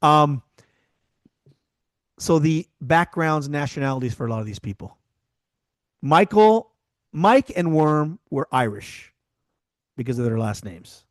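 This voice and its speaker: A man's voice: fairly high pitch, lively intonation, measured pace, pauses often, no room sound. A man co-hosting a podcast, chatting casually about a film and telling stories with frequent restarts. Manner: chatty, trails off and restarts, tells anecdotes. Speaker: podcast co-host. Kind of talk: casual chat.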